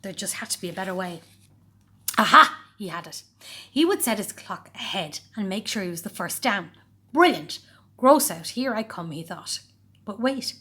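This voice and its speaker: A woman narrating a children's storybook, expressive and voicing every character. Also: mid-range voice, husky.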